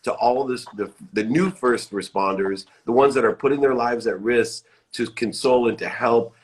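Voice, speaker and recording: A man's voice: medium pitch, normal speed. A middle-aged man hosting a live motivational chat, effusive and upbeat, repeating uplifting phrases. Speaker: live show host. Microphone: phone or webcam live stream.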